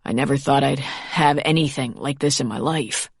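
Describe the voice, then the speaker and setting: A woman narrator plays a protective man carrying someone down a mountain, tender yet determined. Her voice is low and the recording is close and dry. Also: normal speed, gravelly, slightly rough, dry recording, full character voice. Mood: tender urgent.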